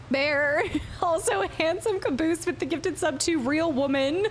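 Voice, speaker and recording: Chatty high-voiced woman streamer. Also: unhurried, a little hiss or hum. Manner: chatty, giggly, reads chat aloud. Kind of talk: live gameplay commentary.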